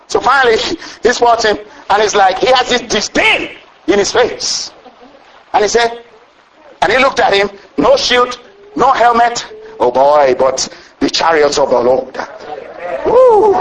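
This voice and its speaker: A man preaching a storytelling sermon, animated, breaking into exclamations and chuckles as he retells the story. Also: high voice, moderate pace, a little hiss or hum, low-quality recording.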